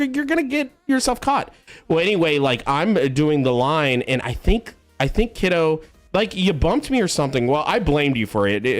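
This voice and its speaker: A man in his thirties, a streamer, casually telling a long story in a rambling, profane way full of fillers. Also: medium pitch. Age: 30s.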